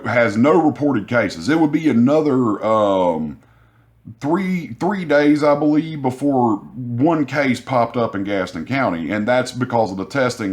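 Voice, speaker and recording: A man telling a vlog story about his cashier job in a frustrated, profane, rambling way, sounding sick with a sore throat. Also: lowish voice. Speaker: grocery store cashier.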